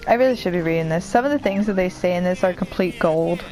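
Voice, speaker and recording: A woman's voice: fairly low pitch, fast, darkish tone, faint music behind, poor audio. A young woman rambling and joking at her own expense while commenting on a video game she plays. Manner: rambling, self-deprecating, chatty. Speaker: let's play commentator. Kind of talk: casual gameplay commentary.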